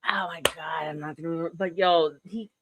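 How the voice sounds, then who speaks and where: A woman's voice: sits low, fairly even intonation, fairly quick, a crowd in the background. Teasing woman on a voice call. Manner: laughing, teasing. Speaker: stream host. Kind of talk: casual group voice chat.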